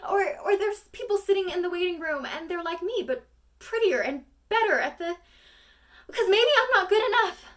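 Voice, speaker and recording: A woman's voice: high-pitched, expressive, brisk, hardly any pauses, pushed and bright, distant mic, pitched above the performer's own voice. A young woman performing a monologue as an insecure young actress, pleading and close to tears. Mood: distraught.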